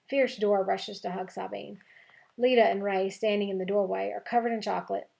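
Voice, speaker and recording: A woman teacher reading a chapter book aloud to her class, with clear, expressive storytelling. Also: medium pitch, brisk.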